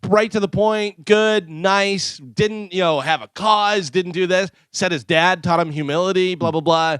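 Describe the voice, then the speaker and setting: A male radio co-host with a fairly high, smooth and clear voice, chatting animatedly and slipping into impressions as he tells stories. The sound is dry and close, from a studio microphone. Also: a little slow, dry recording. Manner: animated storyteller, mimics celebrities. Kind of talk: casual morning radio banter.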